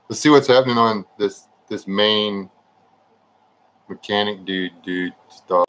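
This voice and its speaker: A livestream host chats casually with viewers, laid-back and joking around, addressing them by name. His voice is on the low side, steady and fairly bright at a normal speed, though the recording is rough.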